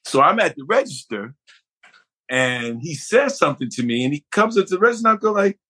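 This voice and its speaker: Male guest actor, middle-aged, from Buffalo; lively anecdotal storyteller who slips into impressions. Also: a little high, a little fast, slightly rough. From Buffalo, New York. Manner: animated, acts out others' voices in anecdotes. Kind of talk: conversational storytelling.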